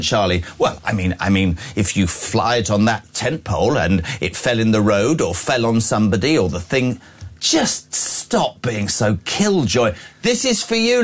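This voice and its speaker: A man hosting a morning talk radio phone-in, opinionated and animated. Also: mid-range voice. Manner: opinionated, animated, quick to laugh.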